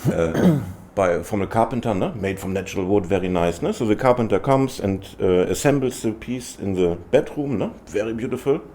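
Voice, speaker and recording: A man's voice: lowish voice, expressive, moderate pace, few pauses, warm tone. Guy with telling a funny story, keeps saying "no?", bit of background hiss. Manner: tells jokes with acted voices, tags sentences with "no?". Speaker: spiritual teacher guest. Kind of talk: casual storytelling.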